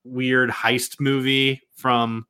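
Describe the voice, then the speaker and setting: A man hosting a podcast in a loose, joking chat with friends. His voice sounds bright and forward at a middle pitch. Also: very slow, smooth. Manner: joking, relaxed banter. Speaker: podcast host.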